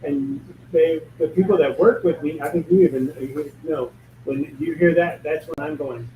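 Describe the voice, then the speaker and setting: A man's voice: a little high, normal speed, narrow, tinny audio. Emphatic man talking spirituality, echoey and distant. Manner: emphatic, blunt and joking. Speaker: spiritual medium. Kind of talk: casual spiritual talk. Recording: echoey room, distant mic, faint noise.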